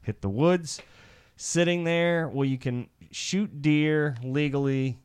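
A man from Iowa co-hosting a podcast, telling a crude, animated hunting story and laughing as he talks. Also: a little high, slow pace, clear, resonant tone. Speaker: podcast co-host. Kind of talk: crude storytelling among friends.

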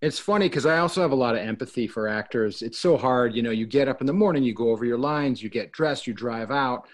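A man co-hosting a casual talk show, speaking in an animated way and acting out the voices of people he quotes. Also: mid-range voice, quick pace. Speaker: co-host.

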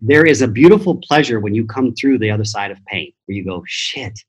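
A rough recording captures a husky, lowish male voice with lively intonation and a quick pace. He's a middle-aged transformation teacher on a podcast, telling blunt, profane personal stories to motivate and voicing the quoted characters.

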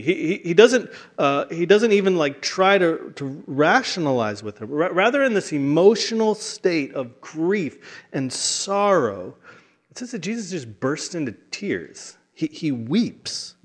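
A man's voice: a little high, very animated, normal speed. Pastor guy preaching, earnest, keeps repeating words and restarting. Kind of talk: sermon.

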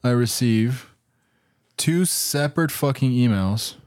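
A man's voice: medium pitch, lively intonation, takes it slowly, darkish tone, dry recording, clean studio sound. A man co-hosting a podcast in casual chat, blunt and combative, swearing constantly as he rants. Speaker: podcast co-host.

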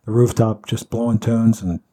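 A man's voice: fairly low pitch, flat delivery, moderate pace, warm tone. A middle-aged man in casual chat, wisecracking and tossing in jokes as he tells stories.

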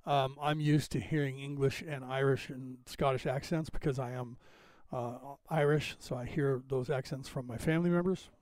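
This podcast host, a man in his fifties, speaks with a General American accent from the West Coast and rambles chattily, thinking out loud as he sets up the screen for his livestream. His mid-range voice is steady and darkish, moving at a moderate pace in a dry recording.

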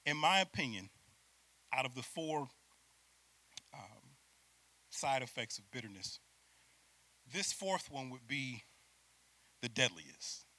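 A male preacher giving a lively sermon, acting out voices, laughing often and calling out to the crowd. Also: mid-range voice, slow, pauses often.

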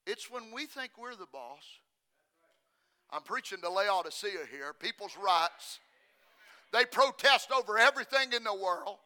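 A man preaching a sermon, shifting from shouted lines to hushed, near-whispered ones and repeating phrases for emphasis. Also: high-pitched, animated, measured pace.

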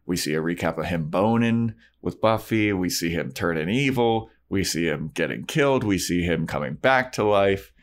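A podcast co-host recaps a TV episode in casual chat, speaking in a low voice at normal speed with few pauses. He's animated, loose and jokey, swears now and then, and slips into silly character voices.

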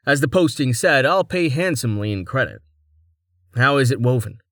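A man voicing a brisk young male captain who talks casually and gets straight to business. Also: medium pitch, animated, fairly bright tone, no echo, studio quality.

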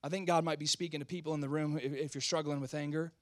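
A male pastor preaching a sermon, calling out to the congregation, swinging from loud outbursts to quiet, close talk. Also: on the high side, fast, no room sound. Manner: animated, swings between shouting and quiet; talks back and forth with the congregation.

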